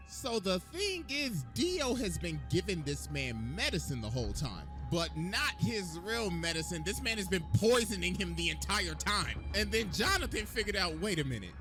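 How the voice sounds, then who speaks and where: A man narrating a comic parody in slangy, excitable bursts, with music playing behind. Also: sits high. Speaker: comedy narrator.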